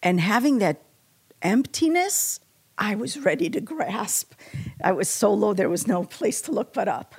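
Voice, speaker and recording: A woman's voice: medium pitch, unhurried, slightly rough. Woman telling an emotional faith testimony. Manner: emotional, animated storytelling with acted quotes. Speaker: testimony speaker.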